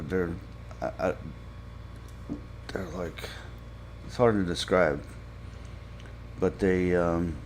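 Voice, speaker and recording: A man casually recapping a TV episode for a podcast, halting with frequent fillers and restarts. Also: sits low, a little mellow, a little hiss or hum. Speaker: podcast reviewer.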